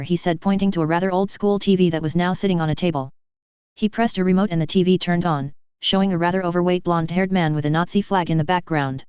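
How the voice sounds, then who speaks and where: A woman reading a fan fiction story aloud at a brisk, matter-of-fact pace, with crude humor. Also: fairly low pitch, fairly even intonation, a little mellow, clear, resonant tone, no room sound, highs cut off. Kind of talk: reading a story aloud, voices done lightly.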